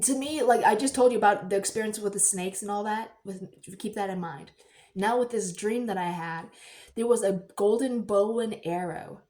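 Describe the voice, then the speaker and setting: A woman vlogging in a casual, rambling storytelling way, acting out the people she quotes with sudden high, excited voices. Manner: animated, acts out quoted voices in high squeals.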